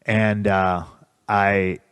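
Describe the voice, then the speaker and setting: A man in his thirties, sitting as a podcast guest, tells a story in a fairly low voice. He swears constantly and throws himself into heated, acted-out quotes. The sound is dry and close, with no room echo. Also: flat delivery, very slow, a bit bright, clear, resonant tone. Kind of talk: casual storytelling in a podcast interview.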